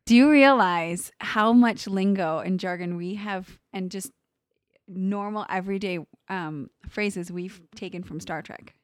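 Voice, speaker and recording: A woman's voice: medium pitch, a little slow, dry recording, studio quality. A woman co-hosting a podcast, chatting casually and teasing her co-host with lots of fillers and laughs. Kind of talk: casual chat.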